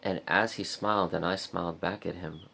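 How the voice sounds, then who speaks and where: A man's voice: low voice, fairly even intonation, normal speed, creaky, pushed and bright, a little hiss or hum. A man telling a story in a casual vlog, rambling with lots of "like" and frequent swearing. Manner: rambling, heavy use of "like" and swearing. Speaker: vlogger.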